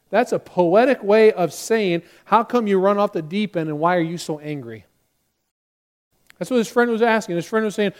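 A man preaching a sermon as pastor, his voice sitting high for a man. He delivers it with animation and slips into the voices of the people he quotes.

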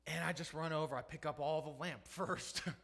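A middle-aged man, a pastor, preaching a sermon, moving from hushed storytelling to loud, impassioned preaching. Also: a little high, steady tone, brisk, vocal fry, husky.

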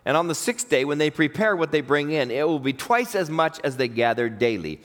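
A man preaching a sermon as pastor, telling stories and acting out quoted voices with big swings in pitch. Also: very animated, brisk, few pauses, a bit bright.

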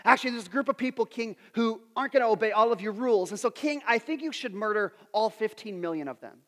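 A man's voice: high-pitched, fast, pushed and bright, big-room sound. A man preaching voices a scheming male villain advising a king, in a casual, wheedling tone.

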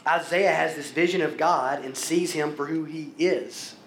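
A fairly high-voiced man preaching a sermon in an echoey room. He drives his points home with repeated phrases, climbing higher and louder as he builds. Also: measured pace, slight background noise. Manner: builds emphasis through repetition, rising in pitch and volume. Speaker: pastor.

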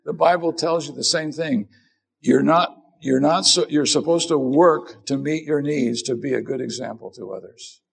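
A man's voice: on the high side, moderate pace, gravelly, slightly rough. A middle-aged man preaching a sermon as pastor, earnest and self-deprecating in a conversational way.

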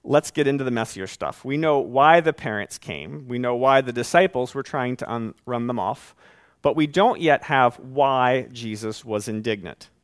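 A man preaching a sermon as pastor, conversational and animated, with folksy asides. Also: medium pitch, moderate pace, no echo, studio quality.

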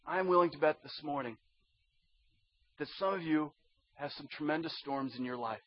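A man preaching a sermon as a pastor, dropping to a hush and rising to loud pleading. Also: on the high side, normal speed, dry recording, muffled recording. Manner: swings from hushed to loud pleading.

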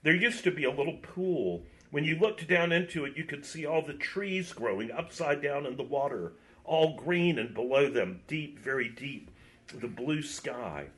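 A man's voice: on the high side, lively intonation, moderate pace, fairly bright tone, voice pushed up. A man voicing a tormented, desperate young knight under a spell, pleading and anguished. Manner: pleading, anguished, rising to cries.

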